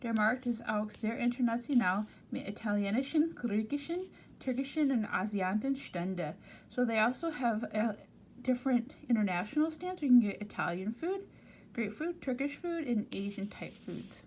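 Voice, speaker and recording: Reading German aloud from a textbook, an American teacher from the United States explains every word in simple English. Her voice is on the high side, expressive, and somewhat dark in tone, at a moderate pace, with faint noise in the background.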